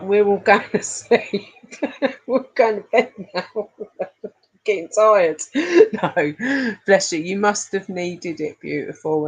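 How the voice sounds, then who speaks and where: A middle-aged woman chats with her live-stream viewers in an unhurried, low voice. She is affectionate and laughs often. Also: breathy edge, low-quality recording. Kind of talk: casual live chat reading comments.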